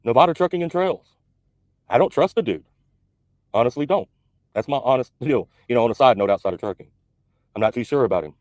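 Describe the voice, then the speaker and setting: A truck-driving man delivers a blunt, confrontational rant at a rapid clip. His voice sits mid-range and sounds close and dry, with no room around it. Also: medium pitch, lively intonation, a little mellow, no room sound. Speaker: truck driver YouTuber. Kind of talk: recorded video rant.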